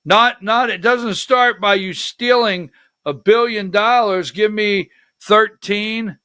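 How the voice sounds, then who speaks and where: A man hosting a political talk show, giving heated, indignant commentary with slow, emphatic delivery. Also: high-pitched, sharp tone, clear, resonant tone, no room sound, studio quality.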